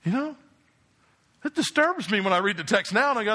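A pastor from New Jersey preaches with a high, bright voice. He speaks emphatically and keeps putting rhetorical questions to his congregation. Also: animated, a little fast. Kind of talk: sermon.

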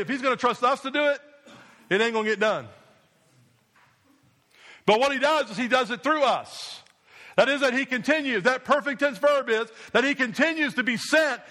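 A man preaching a sermon as pastor, repeating phrases with rising emphasis and dropping his voice low to drive points home. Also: expressive, brisk, sharp tone.

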